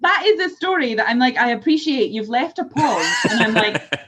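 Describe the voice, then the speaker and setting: A woman with a Scottish accent, a whisky blender chatting as a guest, animated and self-deprecating in her stories. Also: fairly high pitch, normal speed, background noise. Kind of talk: casual video-call chat.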